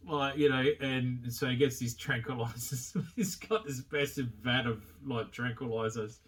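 A man's voice: medium pitch, fairly even intonation, normal speed, few pauses, a bit bright, far from the mic. A man giving a rambling, casual film review, full of swearing, fillers and chuckles.

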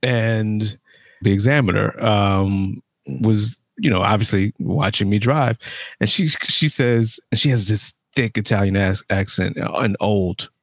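Gravelly man in casual podcast chat. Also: fairly low pitch, measured pace, no echo, studio quality. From New York. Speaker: podcast co-host.

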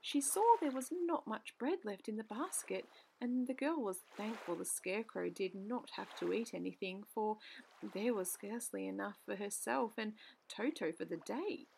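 A woman narrating a children's book aloud in an expressive storytelling manner, with occasional stumbles. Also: medium pitch, moderate pace, vocal fry, slight background noise.

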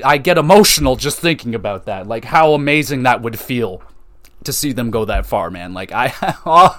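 Young male podcast host, rambling sports fan, swears freely, excitable, medium pitch. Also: moderate pace. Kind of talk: casual solo podcast talk.

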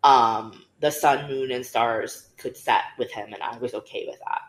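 A woman's voice: very deep voice, unhurried. Young woman podcaster, candid and chatty, echoey room. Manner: candid storytelling, many fillers. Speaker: podcast co-host. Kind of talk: casual conversation. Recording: roomy echo.

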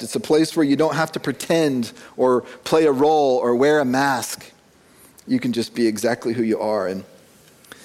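A man's voice: medium pitch, darkish tone. A man in his forties, a pastor, preaching a conversational sermon to a church congregation, telling stories with self-deprecating chuckles and often repeating words as he starts a phrase. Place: church sanctuary.

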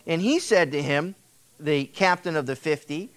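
On an old cassette tape transfer, a middle-aged male pastor gives an expressive, conversational sermon at normal speed. His voice is fairly high and fairly bright, and at times he acts out biblical figures' voices.

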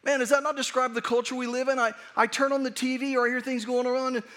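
A man's voice: very high voice, little pitch movement, quick pace, fairly bright tone. A man preaching a sermon as pastor, conversational and earnest, often restarting his sentences. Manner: conversational, earnest, with frequent restarts and acted asides.

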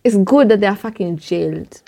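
A young Kenyan woman hosting a laid-back podcast, talking in an animated way and swearing freely. Her voice sits at a middle pitch. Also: moderate pace, vocal fry. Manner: animated, swears freely, mixes English and Sheng. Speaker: podcast host. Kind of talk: casual chat.

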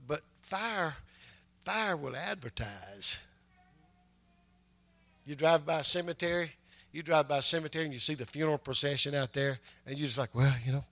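Older man, sermon, slightly high voice, sharp tone, emphatic bursts. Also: gravelly. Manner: conversational preaching with repeated amens, builds to loud emphatic bursts. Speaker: pastor.

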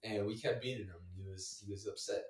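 A young man telling a story in a casual chat, full of filler words, laughing often and going higher when he quotes people. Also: steady tone, fast talker, a little mellow, roomy sound, recorded from a distance.

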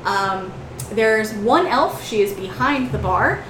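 A woman's voice: medium pitch, expressive, slow pace, echoey room, background noise. A woman narrating a tabletop game as game master, describing scenes loosely and laughing often.

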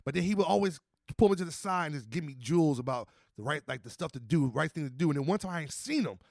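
Fast, animated man telling street stories. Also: a little high, vocal fry. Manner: animated, acts out quoted voices, swears freely. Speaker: podcast host. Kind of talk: casual storytelling chat.

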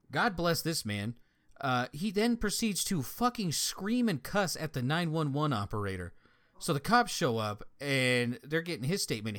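Animated, profane young man telling a story. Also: medium pitch. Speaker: storyteller in casual chat. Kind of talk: casual chat.

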